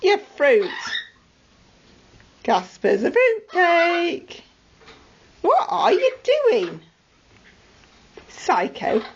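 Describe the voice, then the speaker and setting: A woman's voice: very high-pitched, huge pitch swings, extremely slow, pauses often. A woman doting on her pet parrots at home in playful, coaxing baby talk, heard through dull lo-fi home video sound. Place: living room at home with perched parrots.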